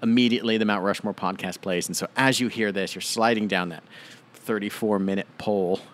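A man with a somewhat low voice co-hosts a comedy podcast. He riffs wryly in relaxed chat, drifting into side jokes. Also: brisk, crowd noise. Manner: wry, riffing, trailing off into asides. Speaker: podcast co-host.

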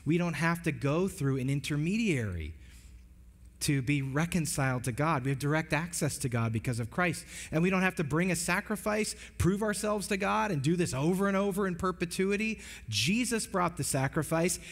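A man's voice: a little high, moderate pace. Earnest male pastor in a reverberant hall. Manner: earnest, emphatic preaching with many restarts. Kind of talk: sermon. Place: church sanctuary.

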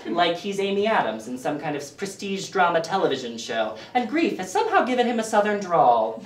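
A man performing a self-deprecating stand-up set with deadpan asides for a small audience in a living room. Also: high-pitched, a little fast, hardly any pauses, reverberant, far from the mic. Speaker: stand-up comic.

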